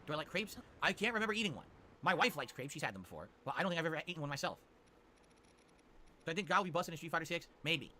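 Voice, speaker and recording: A man streaming live, answering chat questions with quick, opinionated rants. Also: a little high, lively intonation, sharp tone, a little hiss or hum. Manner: rapid, opinionated ranting. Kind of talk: livestream chat reply.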